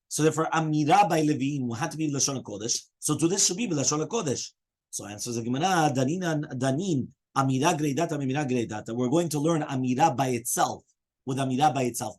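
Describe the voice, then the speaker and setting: A man, a rabbi, teaching a daily Talmud lesson to students. He talks in an animated way, weaves Hebrew and Aramaic terms into his explanations, and keeps asking "right?" and "you understand?". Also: mid-range voice, breathy edge.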